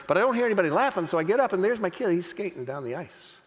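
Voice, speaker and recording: Rapid-fire and high-pitched, a middle-aged keynote speaker gives a motivational talk, performing the dialogue of everyone in his story in character with lots of animation. A big hall's long reverb surrounds him.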